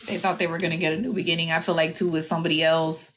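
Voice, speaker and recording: A woman's voice: sits low, flat delivery, rapid-fire, fairly bright tone, a little hiss or hum. A young adult woman giving a casual tarot reading to her viewers, brash, profane and teasing, often breaking into laughter. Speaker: tarot reader.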